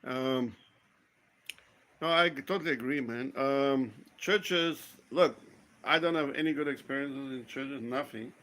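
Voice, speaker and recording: A man from South Africa chatting casually, telling lively stories, acting out quoted voices and swearing freely. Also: medium pitch, a little slow. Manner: animated storyteller, acts out quoted voices, swears. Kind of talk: casual storytelling chat.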